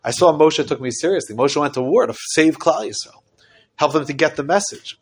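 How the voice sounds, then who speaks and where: A man teaching a Torah class, explaining a text with lively acted-out dialogue and many Hebrew terms. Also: a little high, brisk, husky. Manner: animated, acts out quoted dialogue.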